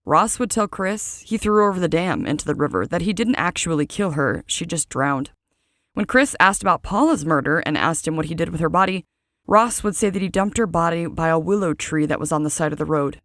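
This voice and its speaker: Woman, true crime narration, fairly low voice, scripted with casual asides, dry close mic. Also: animated, a little fast, fairly bright tone, no room sound. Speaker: true crime podcast host.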